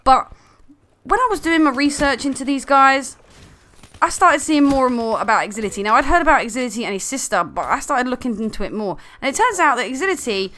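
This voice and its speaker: A woman's voice: sits high, animated, a little fast, pushed and bright. A woman ranting in an angry, sarcastic commentary video full of swearing.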